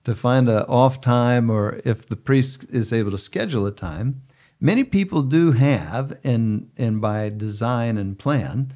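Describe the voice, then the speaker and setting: Measured, gentle-spoken man. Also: medium pitch. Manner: measured, gentle, with frequent filler uh. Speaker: bishop and podcast host. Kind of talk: conversational podcast chat.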